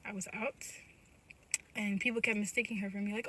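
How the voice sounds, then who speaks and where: A woman's voice: mid-range voice, fairly even intonation, fairly quick, pauses often, bright, forceful tone, slight background noise, low-quality recording. A woman telling a personal story straight to her phone camera in an emphatic, direct way. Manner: emphatic, addresses viewers directly.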